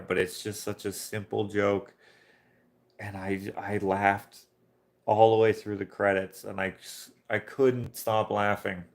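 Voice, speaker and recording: Gravelly-voiced man chatting on a stream. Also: sits low, fairly bright tone. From Canada. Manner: rambling storyteller, chuckling. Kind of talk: casual chat while painting.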